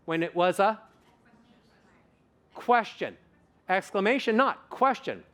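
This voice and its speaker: Animated male voice coach. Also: high voice, slow, long pauses. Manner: animated, demonstrates vocal examples, playful. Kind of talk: conference talk with audience exercises. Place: conference stage.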